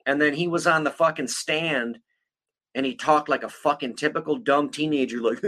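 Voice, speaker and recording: A man's voice: a little high, moderate pace, pushed and bright. A man hosting a podcast, telling a true-crime story in a casual, blunt way, swearing constantly and laughing often. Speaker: podcast host.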